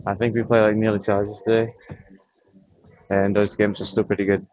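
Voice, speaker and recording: A man's voice: lowish voice, little pitch movement, a little mellow, dry recording, muffled recording. Breathless man rambling about games. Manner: rambling, thinking aloud with pauses. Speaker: vlogger. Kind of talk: casual chat about games.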